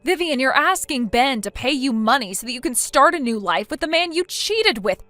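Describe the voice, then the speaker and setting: A woman's voice: high-pitched, very animated, moderate pace, bright, forceful tone, no room sound, faint music behind, heavily acted. A woman voicing a blunt, lecturing female friend. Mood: stern. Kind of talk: text story narration.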